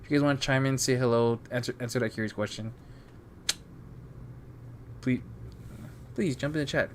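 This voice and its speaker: Podcast host, a man, mid-pitched, restarts a lot. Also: moderate pace, a little hiss or hum. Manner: stammering, repeats words often. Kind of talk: casual chat.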